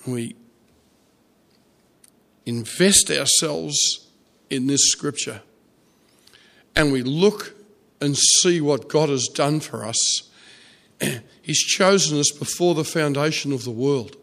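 Man, sermon storytelling, soft-spoken, halting with fillers. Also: fairly high pitch, creaky. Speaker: preacher.

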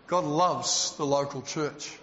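A high-voiced man preaches slowly and deliberately, leaning on words and mixing in jokes. His voice rings through a reverberant church hall, and the sound is a little dull and muffled. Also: a little hiss or hum. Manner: animated preaching with humour, drawn-out emphasis. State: out of breath. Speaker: pastor. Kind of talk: sermon.

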